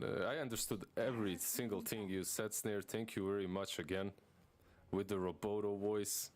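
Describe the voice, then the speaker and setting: A man's voice: lowish voice, steady tone, normal speed, soft background music. A man co-streaming an esports match, talking through the draft in a loose, rambling way with many fillers. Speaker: co-streamer caster. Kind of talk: casual esports draft analysis.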